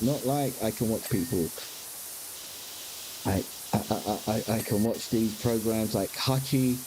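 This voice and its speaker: A man's voice: mid-range voice, background noise. A man, chatting candidly as a game streamer, rambling with frequent restarts and casual swearing. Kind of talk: casual chat while gaming.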